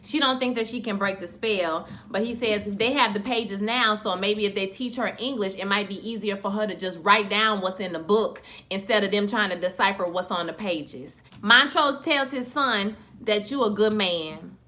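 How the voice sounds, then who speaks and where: Bright-voiced woman recapping a show. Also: medium pitch, normal speed, hardly any pauses. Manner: animated, slangy, acts out scenes in quoted voices. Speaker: TV show reviewer. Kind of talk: casual episode recap.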